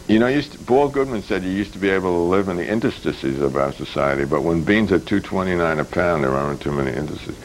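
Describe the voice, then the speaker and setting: An older man with a very low, deep voice rambles through his commentary. He drops dry, deadpan jokes between fillers and restarts. Faint hiss sits under the recording. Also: low-quality recording. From United States. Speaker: public access TV host.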